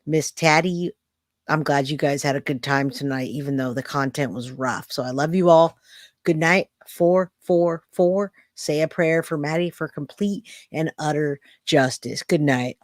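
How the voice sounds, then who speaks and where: A woman hosting a casual livestream chat, blunt and animated, with loud outbursts of disgust and warm thanks to her viewers. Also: low voice, normal speed, no echo, studio quality. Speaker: livestream host.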